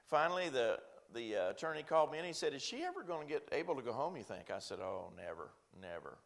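A man's voice: mid-range voice, sing-song, fast talker, creaky. A middle-aged man, a pastor, telling a long personal story in a sermon, folksy and self-deprecating, acting out the other voices he quotes.

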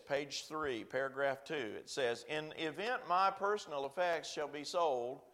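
A middle-aged man preaching through a personal story, folksy and plain-spoken. He pokes fun at himself and slips into the voices of the people he quotes, in a voice of ordinary pitch. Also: fairly bright tone. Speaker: pastor. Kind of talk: storytelling sermon.

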